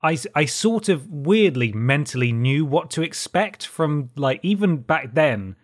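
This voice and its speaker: A man co-hosting a gaming podcast, telling an anecdote in an animated, casual way with lots of "like" fillers. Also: a little high, unhurried. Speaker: podcast co-host. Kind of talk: casual chat.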